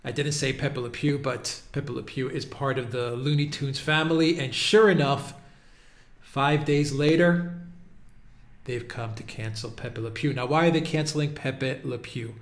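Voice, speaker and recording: A man's voice: medium pitch, fairly even intonation, a little slow, echoey room. A man hosting a casual commentary video, mocking and exasperated as he talks, often breaking into laughter. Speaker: political video host.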